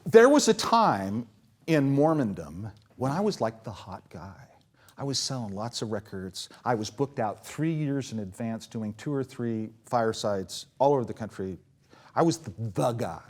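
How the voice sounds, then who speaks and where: A man, a composer and performer, telling a story to a live audience during an interview and acting out the quotes. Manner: animated, acts out quotes with big pitch swings.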